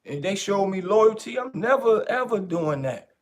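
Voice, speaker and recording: Animated man in street-style commentary. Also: high voice, normal speed, a little hiss or hum. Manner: animated street talk, repeats points for emphasis. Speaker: podcast host. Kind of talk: casual commentary.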